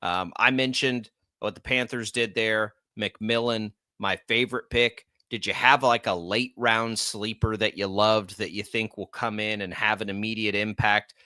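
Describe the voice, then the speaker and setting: Bright-voiced chatty sports radio host. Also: male voice, lowish voice, a little slow, no room sound, clean studio sound. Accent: American. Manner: chatty, energetic, reads ad copy. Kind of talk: casual sports talk radio.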